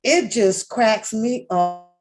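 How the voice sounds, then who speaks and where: A woman's voice: on the high side, takes it slowly, a little mellow. A woman hosting a reaction channel, rambling through casual commentary on a reality show with lots of swearing, restarts and laughter. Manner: rambling, profane, laughs often, many restarts.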